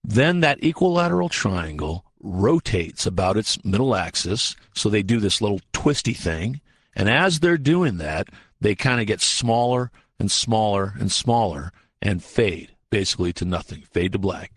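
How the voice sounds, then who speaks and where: A man's voice: lowish voice, unhurried, slightly rough, no echo. A man, a guest in a radio studio, telling a long story casually and animatedly, acting out what people said. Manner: animated, acts out quotes, frequent fillers and restarts. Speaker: radio show guest, researcher.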